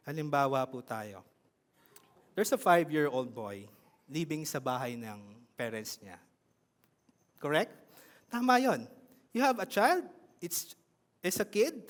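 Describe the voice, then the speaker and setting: A man with a Filipino accent preaching a sermon in an animated way, often asking his congregation questions. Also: fairly high pitch, long reverb tail.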